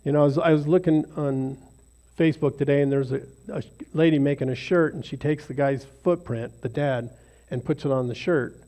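A man's voice: a little high, fairly even intonation, a little fast, dark tone. A man leading an informal devotional talk for a small group in a rambling, self-deprecating, conversational way. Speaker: lay speaker leading a devotional.

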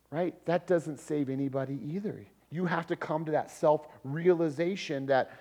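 A pastor, preaching a conversational sermon and acting out quotes with humor. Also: male voice, fairly high pitch, normal speed, gravelly, a little mellow.

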